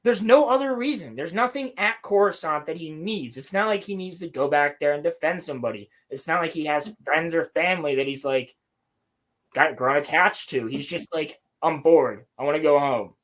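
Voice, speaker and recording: Young guy w a high voice roasting a show, swears a lot, super animated. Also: normal speed. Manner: profane, animated, mocking. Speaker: podcast co-host. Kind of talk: casual show recap chat.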